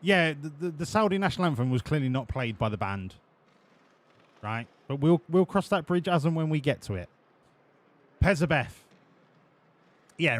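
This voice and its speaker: Sweary streamer, sarcastic banter. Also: male voice, fairly high pitch. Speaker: game streamer. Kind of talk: casual live-stream commentary.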